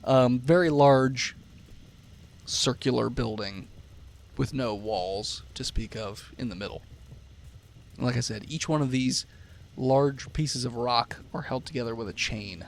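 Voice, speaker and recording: A man's voice: mid-range voice, a little slow, vocal fry, a little hiss or hum. A man narrating a tabletop game as game master, describing scenes in a casual way with fillers.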